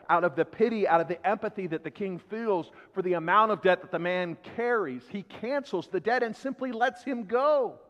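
A man preaching a sermon to his church, swinging between loud emphasis and hushed asides. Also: sits high. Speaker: pastor. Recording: long hall reverb, dull lo-fi sound.

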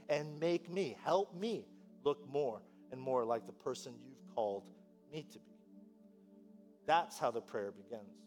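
A man preaching a sermon as pastor, telling a story with lively, animated delivery and acting out voices. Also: medium pitch, measured pace, soft background music.

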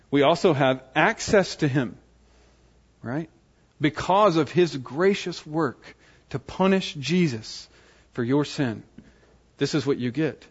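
A man delivers an earnest sermon, checking in with his hearers again and again. His voice sits a little high. The recording is dull and lo-fi. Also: slightly rough. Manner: earnest, asks the audience "right?" often. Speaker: preacher.

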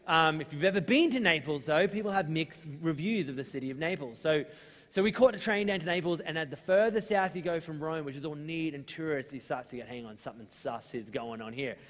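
Man, Australian accent, pastor, casual sermon, slightly high voice, long hall reverb. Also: a little fast. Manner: casual storytelling, lively.

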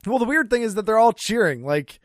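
A man with a somewhat high voice talks casually through a wrestling recap, leaning on "like" and laughing often. The sound is dry and close, with no room to it. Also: very animated, a little fast, no echo. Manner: chatty, lots of "like", frequent laughs. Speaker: podcast co-host.

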